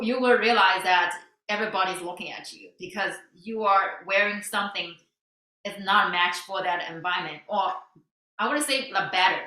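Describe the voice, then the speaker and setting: Chatty woman host, bright voice. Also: fairly low pitch, reverberant, rough recording. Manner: chatty, frequent soft backchannels. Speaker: podcast host. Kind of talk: casual interview chat.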